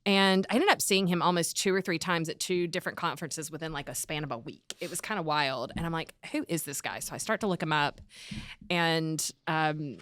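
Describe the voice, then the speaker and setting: A woman guest from North Carolina chatting casually in a podcast interview, laughing often and filling pauses with "um". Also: deep voice, fairly bright tone, no room sound, clean studio sound. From North Carolina, USA. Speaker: podcast guest, arts executive director.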